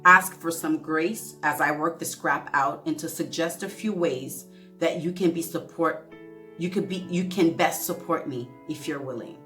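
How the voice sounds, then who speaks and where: A woman's voice: deep voice, pushed and bright, faint music behind. Earnest woman holding back tears. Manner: earnest, emotional, halting reading with self-corrections. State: close to tears. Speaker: vlogger. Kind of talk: heartfelt vlog talk and reading a letter aloud.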